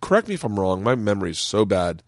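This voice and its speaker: A middle-aged man hosting a podcast, telling loud stories in casual chat and jumping to high squeaky voices when quoting people. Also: big pitch swings, fast, no echo, studio quality. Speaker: podcast host.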